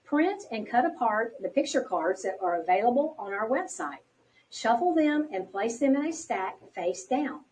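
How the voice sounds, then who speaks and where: Woman narrator, bright animated delivery, encouraging and clear, recorded a bit off-mic. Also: a little high. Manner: slow, clearly paced, encouraging teacher talk. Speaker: instructional video narrator. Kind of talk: scripted instructional narration. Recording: distant from the mic.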